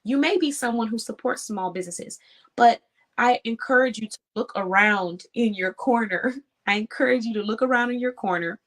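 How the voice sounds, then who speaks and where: A woman's voice: medium pitch, fairly bright tone. A woman hosting an online show, giving an earnest, encouraging talk to small business owners in a casual, conversational way. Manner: earnest, encouraging, laughs easily. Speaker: host.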